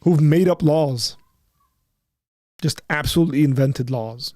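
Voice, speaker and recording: Fairly high-pitched and warm, speaking a little slowly, this apologetics call-in host recounts a personal story in a clean studio with no room sound. His emphatic, conversational delivery surges when heated, and he plays both sides of the dialogue he remembers.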